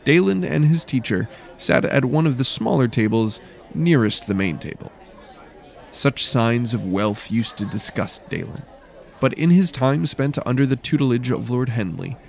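A man narrates a fantasy story in a measured, even way. His voice sits in a middle register with a gravelly, fry-tinged texture. The delivery is steady and descriptive throughout. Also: medium pitch, a faint crowd.

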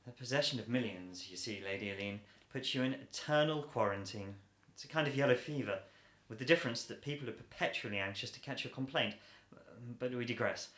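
A man's voice: medium pitch, brisk, few pauses, a bit bright, reverberant, natural voice. A man playing a dry, ironic millionaire suitor. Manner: dry, ironic, coolly matter-of-fact. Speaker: actor.

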